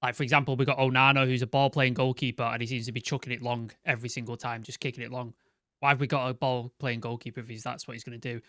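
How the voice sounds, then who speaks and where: A man's voice: medium pitch, little pitch movement, fast, pushed and bright, no echo, clean studio sound. A man, co-hosting a football fan podcast, asking questions in an exasperated, casual way. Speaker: podcast co-host.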